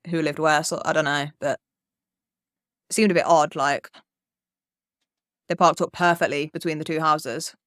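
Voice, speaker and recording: A young woman, a podcast co-host, telling a story in casual chat, animated and swearing freely. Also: low-pitched, moderate pace, long pauses, dry recording, clean studio sound.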